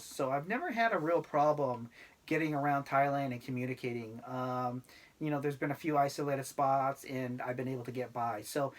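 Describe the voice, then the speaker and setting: A middle-aged man talking casually to camera about life abroad, rambling and laid-back with many fillers. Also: fairly high pitch. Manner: laid-back, self-deprecating. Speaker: expat vlogger.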